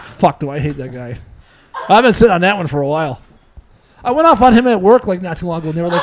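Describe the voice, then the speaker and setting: A man's voice: sits high, expressive, quick pace, a crowd in the background. A man co-hosting a casual podcast, ranting, swearing and laughing as he talks. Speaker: podcast co-host. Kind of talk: casual profane podcast banter. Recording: noisy podcast recording.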